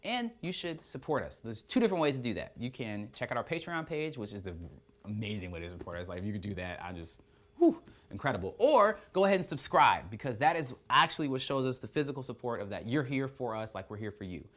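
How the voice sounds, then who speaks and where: A young man hosting a drone channel, telling a story to camera in a casual, animated way and acting out the voices in the exchanges he quotes. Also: medium pitch, fast talker.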